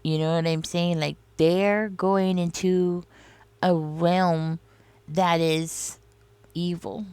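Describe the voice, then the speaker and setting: A woman's voice: on the low side, fairly even intonation, slow, a little mellow, clear, resonant tone, no room sound. A woman giving a casual tarot reading, rambling and confiding, with lots of "you know" and "like" as she talks straight to the listener. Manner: confiding, addresses the listener directly. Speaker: tarot reader.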